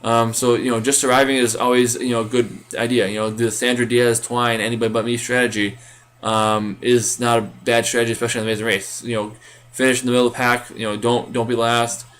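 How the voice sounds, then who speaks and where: A man's voice: mid-range voice, little pitch movement, quick pace, fairly bright tone. A man co-hosting a casual recap podcast, rambling with many fillers and restarts. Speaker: podcast co-host.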